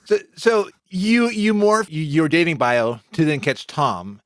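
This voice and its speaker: A man's voice: on the high side, very animated, measured pace, fairly bright tone. A man hosting a podcast interview, often stammering and repeating his words. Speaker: podcast host.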